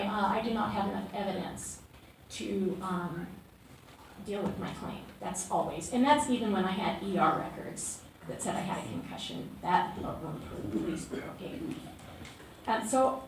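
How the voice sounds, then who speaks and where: A woman activist giving unplanned testimony at a city council meeting. She is trembling and emotional, and she speaks haltingly with many fillers and restarts. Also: medium pitch. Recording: echoey council chamber from far off, with background noise.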